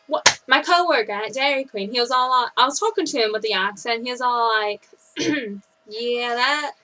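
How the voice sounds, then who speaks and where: A young woman in her twenties chats to camera in a high, bright voice. Her pitch leaps around as she tells stories with mock outrage. She talks in quick, excitable bursts. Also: slight background noise, poor audio. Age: 20s. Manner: animated, mock-outraged storytelling. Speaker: vlogger. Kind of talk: casual chat to camera.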